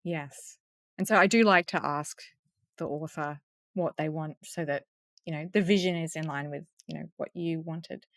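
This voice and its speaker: A woman with a lowish voice chats casually in an interview about her work as an audiobook narrator. She tells anecdotes in a chatty way, with lively swings in her delivery. The sound is close and dry, with no room in it. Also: moderate pace, no room sound.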